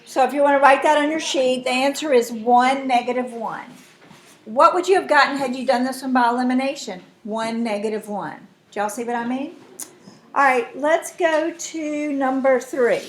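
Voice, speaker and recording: A woman's voice: high voice, moderate pace. Woman teaching a math lesson. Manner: explains step by step, checks in with students. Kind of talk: classroom lesson.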